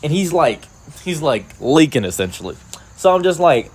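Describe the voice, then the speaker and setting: A young man telling a story in a casual, animated, rambling way with lots of fillers. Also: fairly high pitch, moderate pace, husky.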